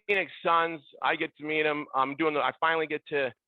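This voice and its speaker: A man's voice: on the high side, fairly even intonation, brisk, no echo. A middle-aged man telling stories as a podcast guest, acting out other people's lines in raised voices. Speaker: podcast guest, former ballboy. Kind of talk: animated storytelling. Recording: tinny phone-like line.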